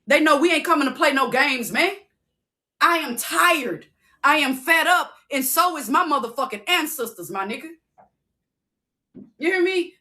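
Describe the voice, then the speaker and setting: Woman, high voice, sharp tone, profane livestream rant, fiery and insistent. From Southern United States. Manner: fiery, profane, keeps asking "you hear me". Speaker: livestream host.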